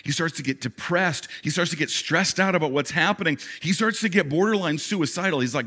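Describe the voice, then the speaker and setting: A man preaching a sermon as a pastor, telling the story with animated energy, dropping to quiet asides and rising to loud, emphatic peaks, often repeating words as he restarts. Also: fairly high pitch, a little fast, few pauses. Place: church service.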